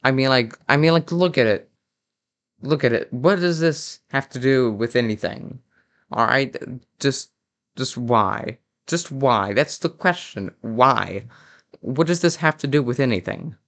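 A man's voice: medium pitch, a little slow, fairly bright tone. A young man doing a parody commentary of a game video, sarcastic and mock-outraged, often stumbling and restarting his sentences. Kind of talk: mock-critical reaction commentary.

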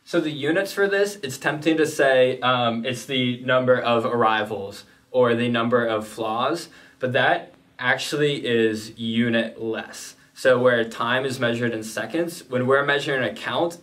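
Male statistics tutor, mid-pitched, methodical and casual, recorded a bit off-mic. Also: a little slow, fairly bright tone, distant mic. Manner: plain, methodical explaining with casual asides. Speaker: statistics teacher. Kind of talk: explanatory lesson.

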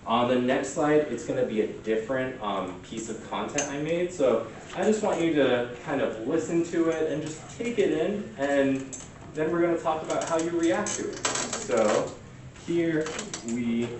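A man's voice: on the high side, animated, unhurried, noisy background. A man leading a church workshop in a casual, chatty way, often slipping into quoted asides. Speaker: workshop presenter. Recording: echoey distant room recording.

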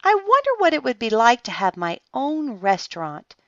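Casting: woman voicing a bossy, excitable little girl, high and lively, storybook reading, dull dry recording. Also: slow pace, no echo, exaggerated voice. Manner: eager, commanding, high and bouncy. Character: bossy energetic young girl running a stand. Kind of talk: storybook character voice.

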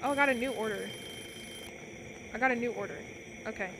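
A young woman chats playfully through a cooking game stream in a fairly high voice. She speaks straight to her viewers while she plays, and a steady noise runs under the recording. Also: brisk. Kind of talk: casual gameplay commentary.

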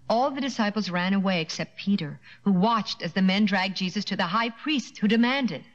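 A woman tells a children's story with lively, expressive narration at a middle pitch. The sound is dull and muffled like an old video soundtrack, with clear music underneath. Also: moderate pace, few pauses.

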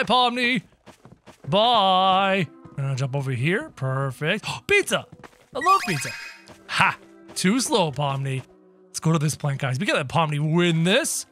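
A man with a high, bouncy voice that leaps all over the place, giving playful let's-play commentary. He reacts excitedly and chats to the characters on screen and to his viewers, with faint game music underneath. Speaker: gaming channel host.

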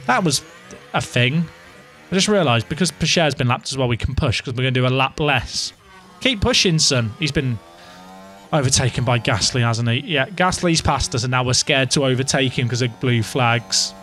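Excitable man streaming a game. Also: medium pitch, normal speed. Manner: excitable, dramatic, self-mocking chatter to viewers. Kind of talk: live gameplay commentary.

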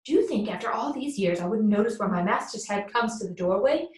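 A woman's voice: medium pitch, animated, brisk, darkish tone, natural voice. Brief: woman reading a fearful male butler, pleading, audiobook, echoey room. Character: loyal, frightened older male butler. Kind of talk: audiobook character voice. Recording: roomy echo.

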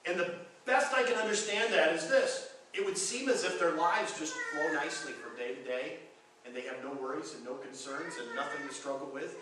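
A man's voice: fairly high pitch, fairly quick, noisy background. A man preaching a sermon to a congregation, emphatic and often repeating words as he goes. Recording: echoey hall recorded from far off.

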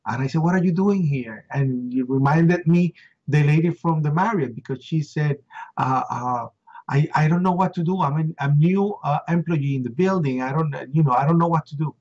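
Middle-aged puerto rican guy telling a story, does the voices, kinda husky, muffled lo-fi sound. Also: normal speed, darkish tone. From Puerto Rico. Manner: acts out quoted voices with rising pitch. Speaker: interview guest. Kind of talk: emotional eyewitness storytelling. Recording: dull lo-fi recording.

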